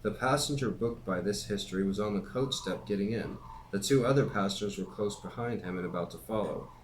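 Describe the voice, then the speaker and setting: A man reads a classic novel aloud at a steady, even pace. His voice sits on the low side. Faint background hiss lies under the recording. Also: fairly quick, low-quality recording. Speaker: reader and teacher.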